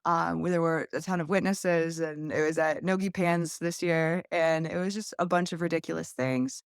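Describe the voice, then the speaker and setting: A woman's voice: fairly low pitch, moderate pace, creaky, smooth, no room sound, studio quality. A young adult woman, a podcast guest, telling a long story candidly in a casual interview and acting out quoted voices.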